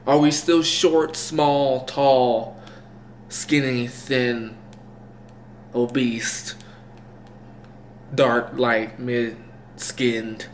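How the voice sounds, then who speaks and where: His voice mid-range and level, a young man drags out his words and pauses often as he chats to camera over a meal at home. Woozy from eye dilation, he rambles and mocks himself. The camera mic picks up roomy echo, a little hiss or hum, and faint clattering dishes.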